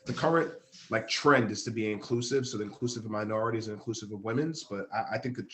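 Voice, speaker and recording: A man who is a guest on a casual podcast, giving earnest, measured opinions. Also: on the low side, fairly bright tone.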